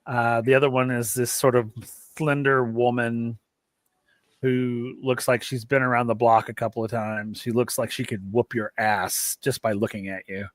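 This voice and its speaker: A man's voice: medium pitch, little pitch movement, moderate pace, dry recording. A man running a tabletop game, describing scenes with many fillers and hedges. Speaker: game master.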